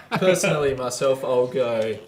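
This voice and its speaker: Measured man on a podcast. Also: medium pitch, background noise. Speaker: podcast co-host. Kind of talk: casual sports chat.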